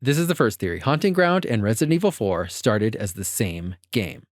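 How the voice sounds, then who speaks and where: A man's voice: fairly low pitch, fairly quick, no room sound, studio quality. A man co-hosting a podcast, explaining fan theories in casual, laughing chat. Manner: laughing, animated storytelling. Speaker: podcast co-host.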